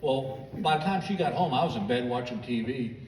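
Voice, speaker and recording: A man's voice: mid-range voice, brisk, a little hiss or hum. An American man doing stand-up, telling long stories and acting out the people in them. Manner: animated, acts out the people in his stories. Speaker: stand-up comedian. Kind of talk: stand-up storytelling. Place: large theater stage. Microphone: stage PA, filmed from the audience. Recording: distant, echoey theater recording with crowd laughter.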